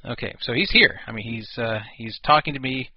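A man's voice: mid-range voice, animated, fairly quick, breathy edge, no echo. A man hosting his own internet radio show alone, talking casually and rambling with restarts and self-deprecating asides. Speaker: host. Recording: dull lo-fi dry sound.

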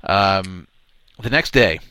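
Bright-voiced male radio host storytelling. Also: deep voice, animated, slow pace, a little hiss or hum. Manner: rambling, repeats words, laughs at his own story. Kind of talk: casual storytelling chat.

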